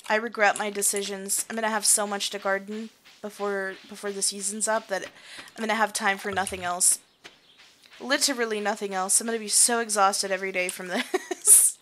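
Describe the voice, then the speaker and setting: A woman's voice: medium pitch, normal speed, pushed and bright, slight background noise. A young woman casually commenting on her farming game as she plays, chatty and self-mocking, singing and muttering to herself. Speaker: gaming streamer. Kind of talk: casual let's-play commentary.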